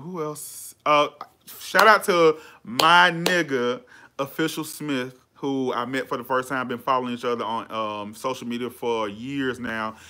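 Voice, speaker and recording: Chatty, bright-voiced male podcast host. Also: mid-range voice. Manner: animated, chatty, lots of slang and fillers. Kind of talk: casual chat.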